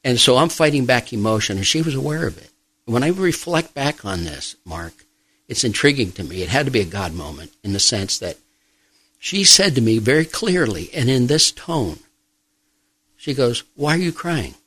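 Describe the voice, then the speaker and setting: A middle-aged man, a pastor and grief counselor, speaking softly and reflectively in an interview, pausing often. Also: medium pitch, big pitch swings, low-quality recording. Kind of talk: personal testimony in an interview.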